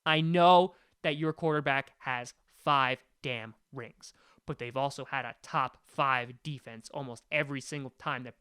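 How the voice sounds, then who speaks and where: A man's voice: medium pitch, pushed and bright, clear, resonant tone. A man hosting a sports podcast, ranting in an exasperated, emphatic way. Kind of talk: opinionated sports rant.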